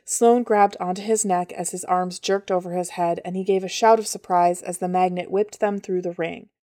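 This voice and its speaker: A woman reading a story as an audiobook narrator, steady and even. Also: lowish voice, moderate pace, dry recording, studio quality. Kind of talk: scripted narration.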